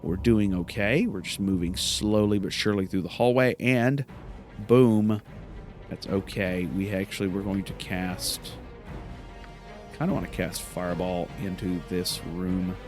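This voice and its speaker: A man's voice: low voice, steady tone, normal speed, over music. A man hosting a let's play, giving casual gameplay commentary, rambling and correcting himself with many fillers.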